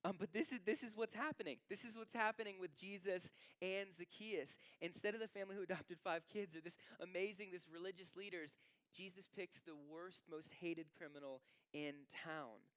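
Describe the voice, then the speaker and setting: A male pastor preaching a sermon in an animated, conversational way, with casual asides to the congregation. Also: high voice, a little fast, no echo. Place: church sanctuary.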